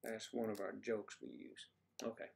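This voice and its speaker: A man's voice: fairly low pitch, animated, normal speed, gravelly, darkish tone, slight background noise. A man hosting a casual livestream, rambling and joking as he answers viewers' comments. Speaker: livestream host.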